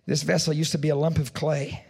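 A man's voice: a little high, level tone, fairly quick, gravelly, darkish tone, breathy edge. A man voicing a humble, patient potter in a sermon story, telling earnestly.

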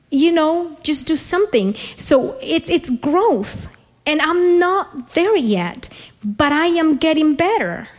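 A woman preaching a sermon in an earnest, repetitive style that builds in emphasis. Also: sits high.

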